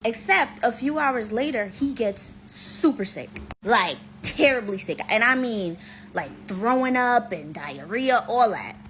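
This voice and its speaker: A woman's voice: a little high, lively intonation, measured pace, a bit bright, a little hiss or hum, poor audio. A woman storyteller and author chatting informally through a story time, calling her listeners "y'all".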